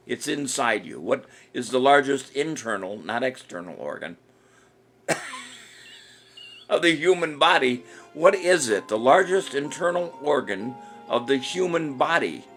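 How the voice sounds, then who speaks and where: A man's voice: mid-range voice, fairly bright tone. Jokey man hosting a trivia stream. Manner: jokey, rambling, chuckles often, reads commenters' answers aloud. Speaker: trivia show host. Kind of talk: casual live-stream trivia chat.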